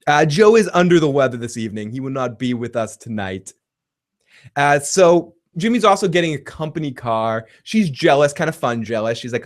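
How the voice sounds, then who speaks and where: A man's voice: medium pitch, lively intonation, normal speed. A man giving a casual, rambling TV episode recap, swearing freely and chuckling as he goes. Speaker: TV show reviewer.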